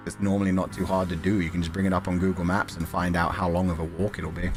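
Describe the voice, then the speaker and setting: A man's voice: fairly low pitch, fairly bright tone. A man streaming and chatting casually with his viewers, rambling and laughing often between remarks. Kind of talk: casual livestream chat.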